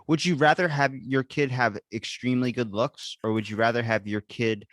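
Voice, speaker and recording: Male podcast host, casual chat, animated storytelling, lots of swearing, dry sound. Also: medium pitch, moderate pace, no echo.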